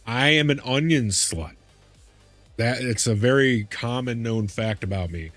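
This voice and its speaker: A man's voice: lowish voice, no room sound. A man streaming a game live, chatting casually with viewers in a chummy way and calling them big man. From Midwest US. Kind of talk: casual live-stream chat while gaming.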